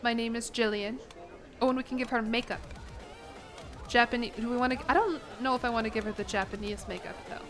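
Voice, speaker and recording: Over music and through poor audio, a young adult woman chats a little fast while livestreaming a game. She jokes playfully at her own expense, breaking into animated laughter with sudden pitch jumps.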